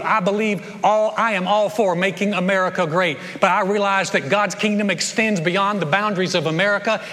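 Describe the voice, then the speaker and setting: High-voiced middle-aged pastor preaching. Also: male voice. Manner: animated storytelling, repeats words. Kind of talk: sermon. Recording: long reverb of a large church hall.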